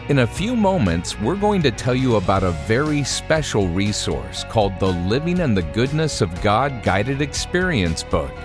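A man reading a scripted introduction as a radio program announcer, with a smooth, upbeat promotional delivery. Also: medium pitch. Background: guitar music.

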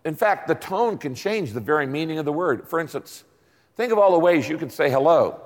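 A male pastor delivers a sermon with a fairly high voice and a lively, swinging pitch. He leans on catchy rhymes and questions thrown out to the congregation. The sound carries a long reverb from a large church hall. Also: a little fast.

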